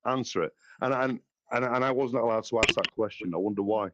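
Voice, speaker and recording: A man's voice: mid-range voice, brisk, dull audio, background noise. A man hosting a casual political podcast chat, blunt and heated, swearing often. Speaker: podcast host.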